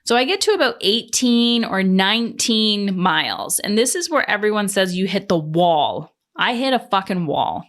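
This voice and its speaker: A woman from Canada talks through a personal story on her podcast, candid and loose, with swearing here and there. Her voice sits at a middling pitch, and she slips into quoted voices as she goes. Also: animated, moderate pace, hardly any pauses, fairly bright tone. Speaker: podcast host. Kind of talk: casual storytelling monologue.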